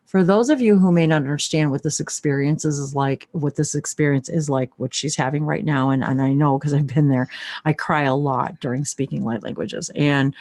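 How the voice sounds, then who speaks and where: A woman's voice: sits low, moderate pace, darkish tone. A woman hosting a live-stream chat, talking in a gushing, rambling way with many restarts and breaking into channeled light language. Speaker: host.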